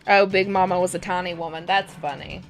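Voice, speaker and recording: A woman's voice: fairly low pitch, steady tone, brisk. A young woman streamer rambling through casual stories while gaming, laughing often, with game music playing behind. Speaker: live streamer. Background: video game music.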